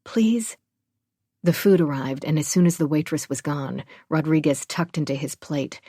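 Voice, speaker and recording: A woman narrating a suspense audiobook in the first person, steady and unhurried. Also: low voice, breathy edge, dry recording, studio quality.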